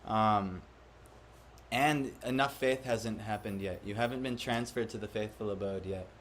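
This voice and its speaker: A man's voice: lowish voice, unhurried, slight background noise. A man giving a devotional class to a live audience, often questioning the listeners and acting out the voices he quotes. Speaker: spiritual teacher.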